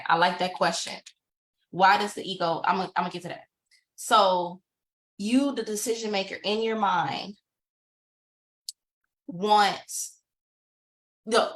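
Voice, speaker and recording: A young woman from Chicago, a yoga and spiritual teacher, giving a casual live-stream talk in a chatty, informal way. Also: medium pitch. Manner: chatty and informal, addresses viewers as "y'all".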